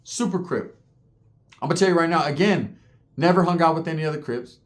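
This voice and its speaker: A man telling a story in a casual, profane way, full of slang and constant "right?" checks. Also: a little high. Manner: acts out other people's lines in quick voices. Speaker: podcast guest telling a story.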